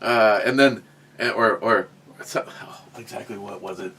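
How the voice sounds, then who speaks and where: A man's voice: on the low side, unhurried, bright, forceful tone, slight background noise. A man hosting a casual podcast, rambling through a story with many restarts and fillers, and reading out chat comments. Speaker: podcast host.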